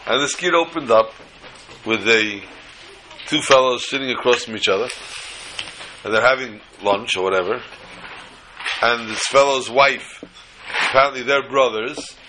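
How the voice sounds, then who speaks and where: A man's voice: medium pitch, measured pace, long pauses, bright, forceful tone, slight background noise, rough recording. An older man teaching a Torah class, mixing teaching with jokes and storytelling asides.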